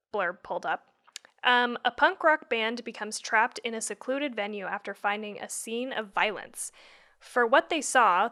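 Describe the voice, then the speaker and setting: A woman's voice: mid-range voice, sharp tone. A woman co-hosting a podcast, chatting casually and laughing often, sometimes unsure how to say names. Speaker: podcast co-host. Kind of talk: casual chat.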